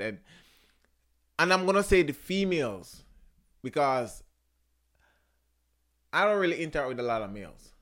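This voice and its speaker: A young man hosting a podcast, talking casually about relationships in an animated, emphatic way, swearing, repeating himself and searching for words. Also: a little high, measured pace, long pauses. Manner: searches for words, frequent restarts. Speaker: podcast host.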